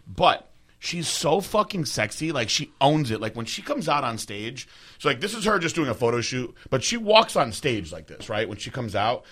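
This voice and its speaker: A young man hosting a casual podcast chat, talking in an animated, loose way and swearing freely. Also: mid-range voice, fairly quick. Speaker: podcast host.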